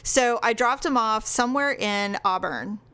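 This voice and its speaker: A woman's voice: fairly high pitch, unhurried, clear, resonant tone. Frank woman telling a story. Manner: animated storyteller acting out quoted dialogue; frank, swears, laughs often. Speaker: podcast co-host. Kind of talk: casual storytelling chat.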